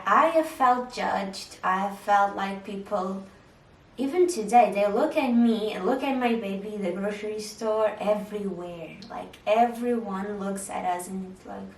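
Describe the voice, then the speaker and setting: A woman's voice: mid-range voice, vocal fry, roomy sound, far from the mic, rough recording. A young woman chatting candidly to camera, answering viewer questions about motherhood and marriage. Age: young adult. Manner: candid, chatty, with frequent "like" fillers. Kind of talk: casual Q&A chat.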